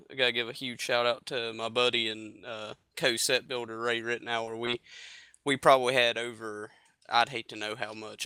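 A man's voice: medium pitch, pushed and bright, clear, resonant tone, dry recording. A man appearing as a podcast guest who talks about his sim racing win in a rambling, grateful way with fillers. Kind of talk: casual interview chat.

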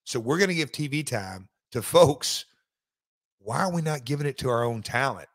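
A man's voice: mid-range voice, lively intonation, moderate pace, no room sound. Man, interview guest, rambling, lots of restarts, dry close sound. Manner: rambling, full of restarts and asides. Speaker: wrestling executive guest. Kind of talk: casual interview storytelling.

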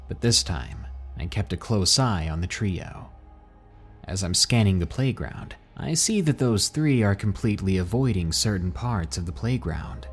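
A man narrating a scary first-person story for a podcast in a measured, suspenseful way. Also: fairly low pitch, husky. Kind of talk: scripted horror narration. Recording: soft music behind.

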